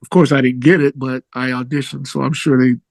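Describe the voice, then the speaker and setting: A middle-aged man, a musician guest, telling a story in a casual, animated way that jumps up in pitch when he gets excited. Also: a little fast, gravelly, no room sound.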